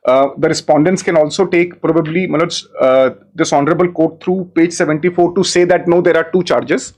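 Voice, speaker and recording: A man's voice: on the high side, steady tone, a little fast, darkish tone. A man arguing his own case before judges in a courtroom, deferential and formal, repeatedly addressing the bench, growing insistent as he presses his point. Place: courtroom, live-streamed hearing.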